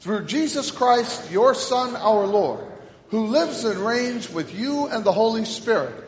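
A man serving as pastor, making announcements and then leading the liturgy in a solemn, measured cadence. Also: high-pitched, expressive, slight background noise. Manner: solemn liturgical cadence with call and response prompts. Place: church sanctuary. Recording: echoey church hall, mic at a distance.

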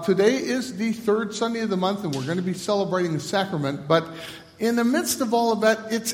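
A man, a pastor, leading a church liturgy, first with halting announcements, then in a measured liturgical cadence. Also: sits high. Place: church sanctuary. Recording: long reverb of a large church.

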